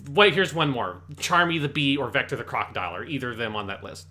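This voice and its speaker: A man co-hosting a podcast in casual chat, inquisitive and deliberate with a dry edge. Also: medium pitch, expressive, bright, forceful tone. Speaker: podcast co-host.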